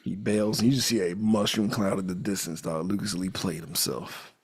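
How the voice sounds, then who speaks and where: A man co-hosting a casual movie podcast, retelling scenes in a loose, profane, animated way and breaking into laughter. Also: deep voice, moderate pace, slightly rough. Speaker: podcast co-host.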